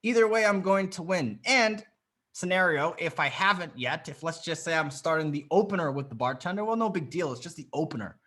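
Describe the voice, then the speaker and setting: A man leads a live coaching session over a video call, his voice sitting a little high and carrying a bright, tense energy. He talks bluntly and confidently, swearing as he goes and pressing each point home. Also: animated, a little fast. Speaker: dating coach.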